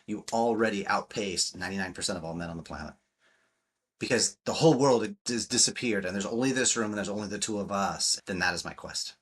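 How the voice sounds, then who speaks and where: A man's voice: on the low side, fairly bright tone, husky. A man speaking as a relationship coach in a podcast interview, emphatic and blunt, swearing freely and acting out quotes.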